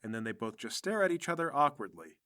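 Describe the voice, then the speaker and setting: A man's voice: medium pitch, big pitch swings, fast, sharp tone, dry recording, clean studio sound. A man narrating as game master of a tabletop game in a chatty, descriptive way.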